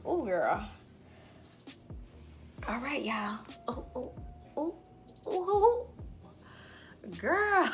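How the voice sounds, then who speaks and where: Lively, bright-voiced young woman vlogger. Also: high-pitched, gravelly. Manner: animated, playful, lots of "girl" and "y'all", bursts of laughter and singing. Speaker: vlogger reviewing wigs. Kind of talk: casual chatty haul vlog. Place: indoors at home.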